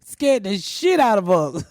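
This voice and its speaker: A woman's voice: medium pitch, big pitch swings, slow, a little mellow, no echo, studio quality. A middle-aged woman hosting a podcast, brash and profane, roasting her co-hosts between laughs in casual comedic chat. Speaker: podcast host.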